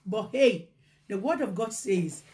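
A woman preaching a motivational sermon, impassioned, swinging from shouted bursts to hushed low lines. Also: lively intonation, unhurried, background noise.

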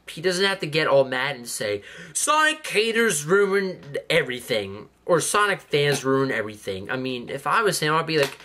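A man's voice: a little high, a bit bright. A man hosting a reaction video, talking casually in a sarcastic, mocking way and swearing freely.

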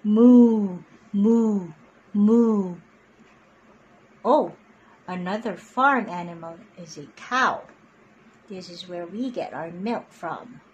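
A young adult woman reading picture books aloud to children in an animated, sing-song voice. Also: on the low side, takes it slowly, highs cut off, a little hiss or hum. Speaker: children's storyteller.

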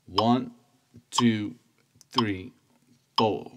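Slow, patient man teaching cavaquinho. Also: lowish voice, over loud music. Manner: calm, patient, counts and chants strokes. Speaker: music teacher. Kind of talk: instrument lesson, counting beats aloud. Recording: loud instrument playing under voice. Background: cavaquinho playing.

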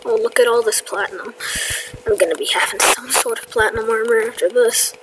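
A woman's voice: a little high, fairly even intonation, fairly quick, very noisy. A woman giving casual, chatty commentary over her gameplay, self-mocking and often dropping into whispers. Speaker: gamer.

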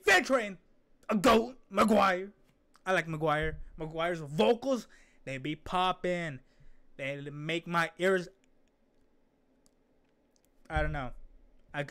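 An excitable young man talks through a reaction video in a loose, rambling way. He often loses his thread and starts over. His voice sits a little high for a man. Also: smooth. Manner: excitable, rambling, trails off and restarts. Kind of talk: casual reaction commentary.

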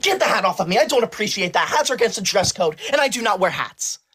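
A woman on a livestream playing a prim, rule-obsessed teacher's pet student who scolds in a stiff, formal, deliberate way. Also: mid-range voice, big pitch swings, fairly bright tone, husky. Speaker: livestream host. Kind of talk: comic role-play on a livestream.

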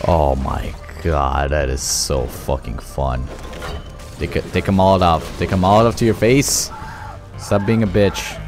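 Deep-voiced young man swearing through a let's play. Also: a little slow. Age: young adult. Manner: excitable, profane, taunts enemies. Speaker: gaming channel host. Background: game music.

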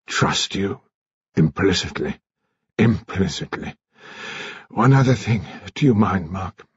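A frail old gentleman on his deathbed, faint and halting, his words breathing out in a husky hush, as a male narrator gives him voice. The recording is dry and slightly dull. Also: sits low, expressive, no room sound, heavily acted. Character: dying elderly aristocratic man, frail.

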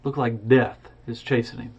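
Guy retelling a story, expressive, goes "boom!", lo-fi muffled sound. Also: normal speed, gravelly, slightly rough. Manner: lively, expressive, with sound effects. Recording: dull lo-fi recording.

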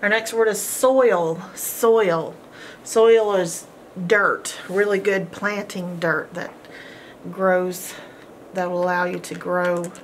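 A woman teaching a homeschool phonics lesson, sounding out words slowly and encouraging her students. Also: fairly low pitch, slight background noise. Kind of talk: phonics lesson, slow and deliberate.

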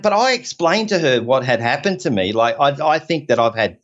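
A man's voice: mid-range voice, expressive, normal speed. A man from Australia, a podcast guest telling a personal story in an earnest, rambling way, repeating himself and restarting often. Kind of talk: personal story told in conversation. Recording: dull lo-fi audio.

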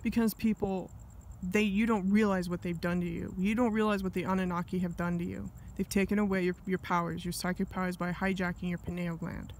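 An angry man delivers a rambling solo vlog monologue in a high voice. He keeps breaking off into asides and restarting his sentences. A faint hiss of noise sits under him. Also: level tone, fairly quick, few pauses. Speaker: vlogger.

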